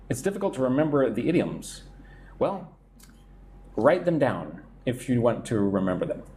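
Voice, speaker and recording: A man's voice: medium pitch, darkish tone, slight background noise. A man teaching English idioms on a live stream, reading out viewer comments and checking in with "right?" as he explains.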